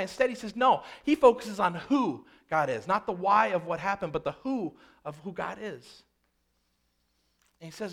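A male pastor with a notably high voice delivers an earnest sermon. He drops to hushed, slow phrases and then surges louder and faster as he acts out prayers. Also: lively intonation. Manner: earnest preaching with dramatic dynamic swings, quieting low then rising loud.

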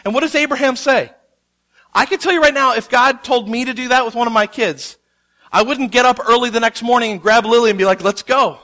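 A man in his thirties preaching a sermon, telling a story with animated quotes. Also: extremely high pitch, fairly quick. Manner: animated storytelling, acts out quotes with rising intensity. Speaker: pastor.

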